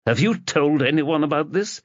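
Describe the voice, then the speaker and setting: A man voicing a male senior police officer, low-key and reassuring in a guarded way. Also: expressive, normal speed, no room sound, highs cut off.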